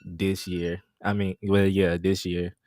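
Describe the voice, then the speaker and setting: A man dropping into a livestream as a guest, chatting casually and making dry, deadpan jokes. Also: low voice, measured pace, slight background noise. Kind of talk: casual chat.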